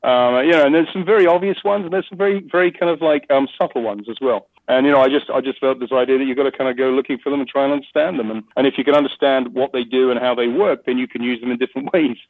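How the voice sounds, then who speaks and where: Podcast guest, man, quick and rambling, swears a lot, over a dry phone-like line. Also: mid-range voice, steady tone, dry recording. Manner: rambling, swears freely, laughs often. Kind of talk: casual interview chat.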